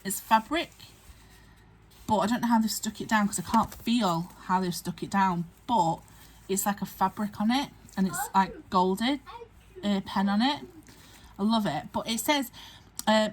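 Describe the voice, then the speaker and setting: A young woman chatting excitedly as she unboxes craft supplies at home. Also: medium pitch, a little slow, a little hiss or hum, rough recording. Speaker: crafting vlogger. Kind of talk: casual unboxing chat.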